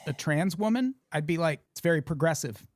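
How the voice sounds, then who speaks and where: A man's voice: a little high, animated, fairly quick, no room sound. Male podcast host, American, sardonic, profane, dry studio sound. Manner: sardonic, profane, laughs often. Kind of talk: casual comedic news chat.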